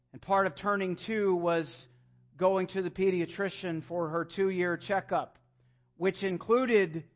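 A young man with a notably high voice delivers a church sermon, earnest and pleading, dropping to quiet intimacy at times. The recording sounds dull and lo-fi, like a plain church capture. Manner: earnest, rising to emphatic pleading then dropping soft. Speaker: pastor. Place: church sanctuary.

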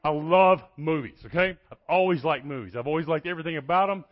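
Folksy Texan preacher, high voice. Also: male voice, quick pace, dull audio. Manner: folksy, animated, joking with the crowd. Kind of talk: energetic sermon. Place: church.

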